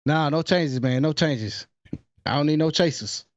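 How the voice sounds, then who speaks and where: A man's voice: on the high side, moderate pace, lo-fi sound, slight background noise. A man co-hosting a podcast in a laid-back, laughing way, often tossing in "man.". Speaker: podcast co-host. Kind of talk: casual chat.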